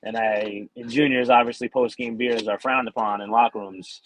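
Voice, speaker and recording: A man's voice: medium pitch, fairly even intonation, normal speed, slight background noise, rough recording. A man in his twenties from New York, a podcast guest telling hockey stories in a rambling, laid-back way with lots of fillers. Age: 20s. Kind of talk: casual interview chat.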